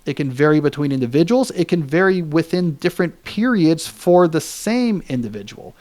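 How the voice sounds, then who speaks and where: A man's voice: on the high side, expressive, normal speed, darkish tone. A man in his forties hosting a podcast, explaining ideas in casual chat with joking asides. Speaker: podcast host.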